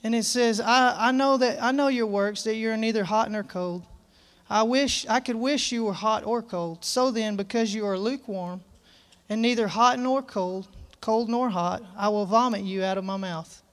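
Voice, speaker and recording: Male preacher with a high, clear voice; folksy, earnest sermon delivery. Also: normal speed, fairly bright tone. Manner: folksy, earnest, reads scripture aloud with emphasis. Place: church service.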